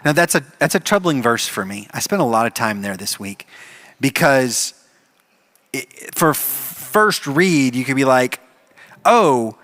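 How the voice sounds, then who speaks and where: Animated pastor preaching a sermon. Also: male voice, medium pitch, a little slow. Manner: animated storytelling, acts out the characters. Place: church.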